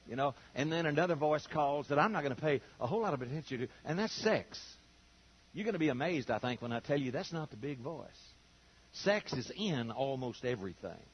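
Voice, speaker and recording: A man's voice: fairly high pitch, husky, muffled recording. An older man preaching a sermon in a folksy storytelling way, acting out the voices of the people he quotes.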